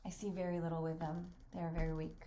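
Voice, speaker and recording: A woman reading aloud the part of a reserved, gentle woman who speaks softly and hesitantly. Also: fairly low pitch, little pitch movement, quick pace, slight background noise, pitched below the performer's own voice, lightly acted. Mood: subdued. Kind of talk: reading a stage play aloud.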